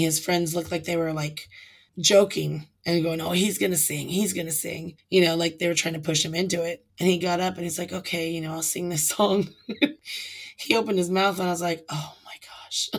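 A woman guest on a podcast, a karaoke host telling a story in a casual, animated way and acting out what people said. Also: on the low side, brisk. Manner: animated storyteller acting out quotes, laughs often.

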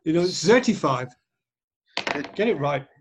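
A man's voice: fairly high pitch, animated, measured pace, background noise. A man reading out quiz questions to friends in a dry, mock-serious way. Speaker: quiz master.

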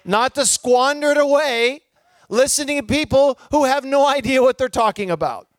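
Middle-aged male preacher, very high voice, dry close sound, chatty storyteller. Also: moderate pace, dry recording. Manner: conversational and animated, acts out the people in his stories. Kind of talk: sermon with personal storytelling.

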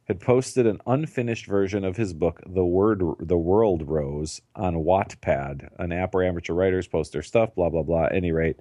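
Podcast co-host, male, very deep and dry, irreverent and quick to laugh. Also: dark tone, dry recording. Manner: laughs often, swears freely, riffs. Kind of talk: casual podcast chat.

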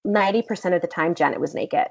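A woman and actress, the guest in an interview, telling a story in a blunt, profane, animated way. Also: lowish voice, quick pace, vocal fry, breathy edge. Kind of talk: casual storytelling. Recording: dull lo-fi recording.

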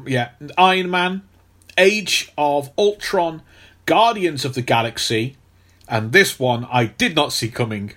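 Joking podcast host. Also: male voice, fairly high pitch, a little slow, fairly bright tone. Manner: joking, teasing banter. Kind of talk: casual podcast chat.

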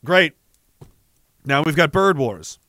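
A young man rambling comedically to a live audience in a profane, animated way, reading viewer messages and breaking into sudden shouts. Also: fairly high pitch, takes it slowly, dry recording, clean studio sound. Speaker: live streamer.

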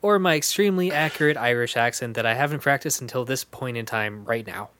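A man's voice: mid-range voice, fairly quick, a bit bright, no room sound. A man hosting a podcast trivia quiz, reading questions in a playful, wry way.

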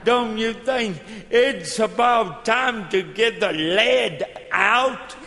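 A middle-aged man with slurred, effortful speech, preaching a slow, emphatic sermon with call-and-response. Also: high voice, background noise. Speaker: evangelist. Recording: long hall reverb.

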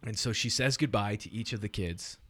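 A man and father of young children, chatting casually and telling animated stories about his kids. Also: fairly low pitch, fairly quick, no echo. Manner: animated storyteller who acts out family dialogue. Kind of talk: casual chat.

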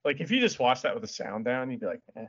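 A man co-hosts a podcast recapping wrestling, chatting casually and animatedly while laughing often and swearing. His medium-pitched voice is husky with vocal fry, he talks quickly, and the audio is dull and lo-fi.

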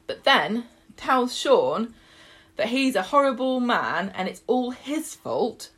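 A woman co-hosting a podcast, recapping a soap in casual chat, animated and laughing often as she acts out the characters' lines. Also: mid-range voice. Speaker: podcast co-host.

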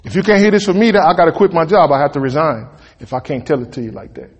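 A man preaching a sermon in a church, folksy and emphatic, with sudden loud peaks. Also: a little high, quick pace, breathy edge, highs cut off. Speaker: pastor. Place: church sanctuary. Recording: long reverb of a church hall.

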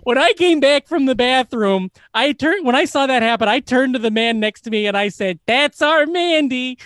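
A man's voice: very high-pitched, fairly quick, a bit bright, clear, resonant tone, no room sound, clean studio sound. A man co-hosting a comedy podcast from home, chatting loosely with lots of fillers and laughter. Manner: rambling, laughing, filler-heavy. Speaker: podcast co-host. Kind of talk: casual comedic chat. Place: home living room.

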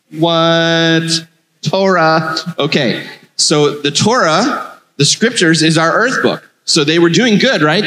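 A man's voice: fairly high pitch, fairly bright tone. A man, a rabbi, giving a playful children's sermon and asking the children questions. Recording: long hall reverb.

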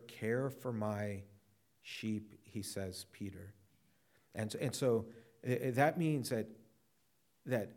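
A pastor with a medium-pitched, slightly mellow voice preaches earnestly and soberly. He often repeats words to press his points home.

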